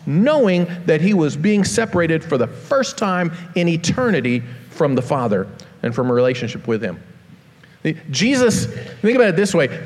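Man preaching, earnest, slows down for the serious bits, kinda high voice, long church-hall echo. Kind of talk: sermon. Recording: long reverb of a large hall.

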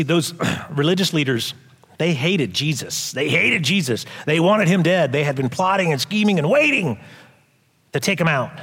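A pastor preaches a sermon with animation, loudly acting out quoted voices and then dropping into quiet asides. His voice leans high, and a long hall reverb surrounds it.

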